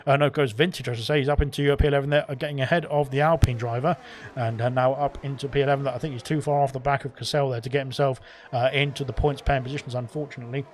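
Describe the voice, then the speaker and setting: Fast-talking male sim racing commentator. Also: medium pitch, fairly even intonation, slight background noise. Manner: rambling, many fillers and self-corrections. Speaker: esports race commentator.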